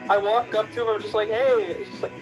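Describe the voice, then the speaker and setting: A man chatting casually as a stream guest, excitedly recounting a story. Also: sits high, quick pace, highs cut off. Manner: excited, recounting with quoted voices. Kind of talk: casual chat. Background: music.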